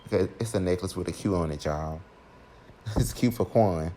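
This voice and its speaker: Young guy doing a storytime vid, lowish voice, lively and chatty, talks right at the viewers. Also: moderate pace, slight background noise. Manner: animated, keeps addressing listeners directly. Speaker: storytime vlogger.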